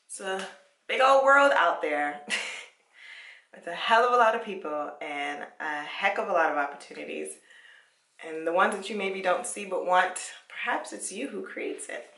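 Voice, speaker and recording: Chatty young woman, gravelly, in an echoey room. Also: medium pitch, animated, unhurried, pushed and bright, distant mic. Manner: chatty, encouraging, laughs often. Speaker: vlogger. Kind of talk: casual chat while taking out hair. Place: her parents' home, indoors.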